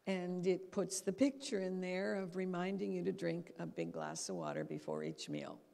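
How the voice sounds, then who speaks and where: Woman speaker, gravelly voice, acts out little quotes, lots of hall reverb. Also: lowish voice, moderate pace. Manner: lively storytelling, acts out quotes. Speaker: guest speaker. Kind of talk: talk on habits. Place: church hall.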